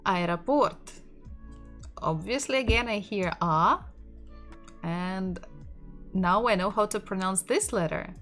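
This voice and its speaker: Woman, Russian accent, native Russian speaker, casual online tutor, slow and patient, faint music behind. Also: mid-range voice, fairly bright tone. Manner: unhurried, repeats words aloud, light laughs. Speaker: Russian language teacher. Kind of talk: casual online language lesson.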